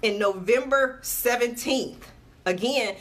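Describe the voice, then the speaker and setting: A woman who runs a small TV network chats casually with viewers on Facebook Live, upbeat and repeating dates for emphasis. Her voice is on the high side and she takes it slowly, sweating a little and patting herself dry.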